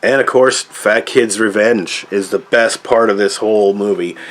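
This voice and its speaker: A man's voice: lowish voice, measured pace. A man giving a casual movie review, talking loosely with lots of rambling asides. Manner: loose, rambling, frequent "like" and "I don't know" asides.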